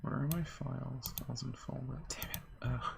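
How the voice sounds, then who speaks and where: A woman's voice: rumbling low, steady tone, moderate pace, gravelly, background noise. A woman co-hosting a live stream, talking casually about game lore in a rambling, hesitant way with many fillers.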